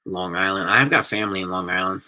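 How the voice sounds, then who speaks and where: A middle-aged man, his voice low and sharply bright. He chats loosely with live viewers. He rambles and gets excited as he talks. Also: fast talker. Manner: chatty, rambling, enthusiastic about food. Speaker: host reading live chat. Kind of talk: casual live-stream chat.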